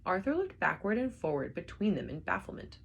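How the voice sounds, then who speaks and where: A woman reading a novel aloud with expressive storybook narration. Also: lowish voice, a little fast, vocal fry, slightly rough. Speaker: reader.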